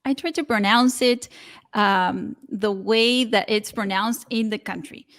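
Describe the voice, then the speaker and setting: A woman with an Argentine Spanish accent, a native Spanish speaker, answering interview questions as a Spanish teacher in a measured, clear way. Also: mid-range voice, a bit bright.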